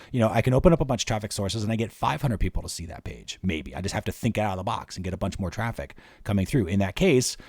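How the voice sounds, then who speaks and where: A man's voice: on the low side, a little mellow, no room sound. A man hosting a marketing workshop, walking casually through spreadsheet figures step by step. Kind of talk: screen-share workshop explanation.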